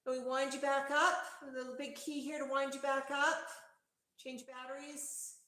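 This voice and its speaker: Bright, high-voiced woman cooing to her pet in an echoey room. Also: flat delivery, normal speed. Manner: cooing, coaxing pet talk with terms of endearment. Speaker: livestream host with her pet parrot. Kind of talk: casual live-stream chat, talking to her parrot.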